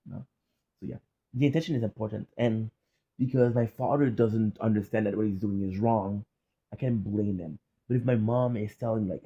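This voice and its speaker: A man's voice: fairly low pitch, fairly even intonation, fast, creaky, breathy edge, muffled recording. A man hosting a reaction video, giving casual, candid, profane commentary with lots of restarts and fillers.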